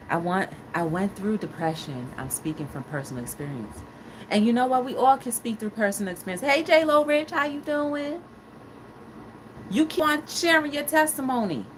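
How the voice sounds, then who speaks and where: A woman's voice: medium pitch, background noise. A woman hosting a casual live-stream talk show, chatting with viewers in a playful, dramatic way. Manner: animated, playful, dramatic exclamations. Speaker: talk show host reading live chat.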